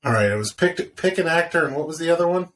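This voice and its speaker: A man's voice: a little high, lively intonation, fast talker, fairly bright tone, slight background noise. A young man co-hosting a casual movie review podcast, joking and teasing his co-host. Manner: teasing, jokey.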